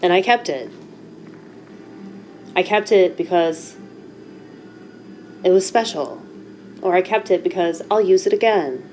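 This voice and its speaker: A woman's voice: fairly low pitch, animated, unhurried, long pauses, darkish tone, faint music behind, poor audio. A woman vlogger talking candidly to the camera, blunt, a little profane, emotional and self-mocking. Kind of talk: candid casual talk to camera.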